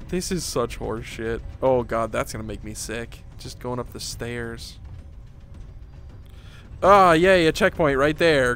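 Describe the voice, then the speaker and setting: A man commenting on a VR rollercoaster game, swearing, pleading and laughing, with frequent swings into panicked yelling. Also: fairly high pitch. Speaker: gaming YouTuber. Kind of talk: VR gameplay commentary.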